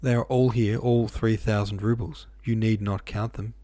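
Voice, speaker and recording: A sly, insolent male servant speaks in a low, unhurried, insinuating way, as a man reading a storybook puts him on. His voice sits low and mellow. The sound is dry and close. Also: level tone, dry recording, natural voice.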